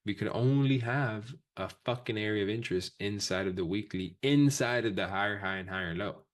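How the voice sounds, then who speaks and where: A man with a very low voice runs a live trading class. He talks quickly and casually, dropping profanity as he explains each step to his students. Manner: fast, profane, casual coaching talk. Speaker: trading instructor. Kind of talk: live-streamed trading lesson.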